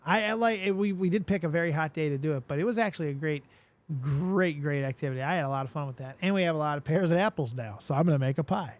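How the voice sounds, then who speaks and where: A man hosting a live stream, chatting casually, reading viewer comments aloud and swearing freely in an animated way. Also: a little high, quick pace. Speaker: livestream host.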